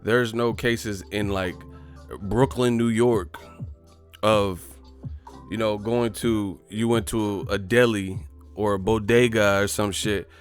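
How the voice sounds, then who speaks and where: Brief: boxing vlogger, lowish voice, profane casual rant, faint music behind. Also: male voice, fairly even intonation, slow. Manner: profane, rambling, exasperated. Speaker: boxing channel host. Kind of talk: casual ranting vlog.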